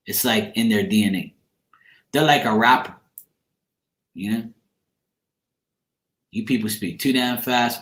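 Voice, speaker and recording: A man with a fairly low voice chats casually with his live-stream viewers as a tarot reader, tired after a long day. He is blunt and teasing and swears freely. The sound is roomy, with a noticeable echo. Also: fairly bright tone.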